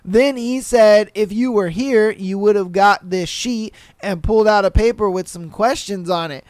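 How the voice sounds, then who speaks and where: High-voiced animated man telling stories. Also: normal speed, dry recording, clean studio sound. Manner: animated, swearing, laughing, slangy. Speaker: podcast host. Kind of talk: casual storytelling and reading listener posts.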